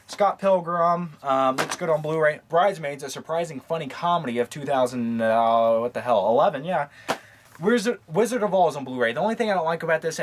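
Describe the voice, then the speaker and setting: A man casually touring his movie collection, talking quickly and offhandedly, cracking crude jokes and losing his train of thought. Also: on the high side, a little hiss or hum. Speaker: movie reviewer. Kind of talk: casual rambling collection tour.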